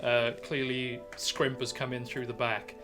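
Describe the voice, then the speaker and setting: Laughing british dungeon master. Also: male voice, medium pitch, little pitch movement, a little slow, over music. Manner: laughs through his own narration. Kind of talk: narrating a tabletop game.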